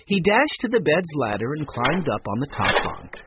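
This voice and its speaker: A man narrating a children's book aloud with expressive storytelling. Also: on the high side, normal speed, lo-fi sound, heavy background noise. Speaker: audiobook narrator. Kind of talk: children's audiobook reading.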